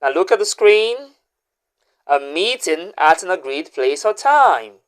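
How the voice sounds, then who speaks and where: A woman hosting a pronunciation lesson, saying each word slowly and repeating it as a drill. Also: fairly low pitch, very animated, smooth. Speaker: diction teacher and host.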